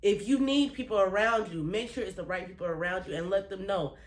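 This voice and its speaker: This woman vlogger speaks fairly quickly at a medium pitch in an echoey room. She offers her viewers emphatic, profane, heartfelt motivation, repeating phrases to drive them home, earnest and emotional as she holds back tears.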